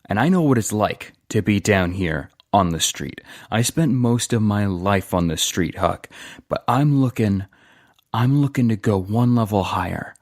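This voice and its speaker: A man's voice: lowish voice, lively intonation, measured pace, darkish tone, no room sound, clean studio sound. A man voicing a weary, ambitious male ex-saboteur who talks earnestly and gets emotional.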